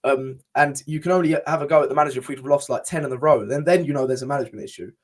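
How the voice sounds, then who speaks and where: A man's voice: medium pitch, very fast. A young man co-hosting a casual podcast chat, talking passionately and with frustration, swearing freely and often restarting his sentences. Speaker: podcast co-host.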